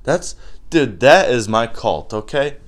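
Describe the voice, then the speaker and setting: On his own podcast, a young man goes on a loose, profane comedic rant, piling up swearing, rambling jokes and offhand asides. He speaks slowly in a mid-range, sing-song voice.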